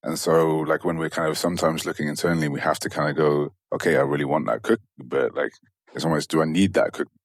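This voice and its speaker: A man's voice: extremely low pitch, fairly even intonation, quick pace, no echo, studio quality. A man hosting a podcast, thinking aloud casually with lots of fillers. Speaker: podcast host. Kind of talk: conversational podcast interview.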